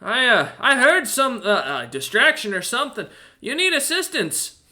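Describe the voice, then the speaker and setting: Guy doing a loud burly goliath with a thick aussie accent, bellowing and cheerful, pitched way up. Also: big pitch swings, moderate pace, full character voice. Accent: Australian. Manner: bellowing, hearty.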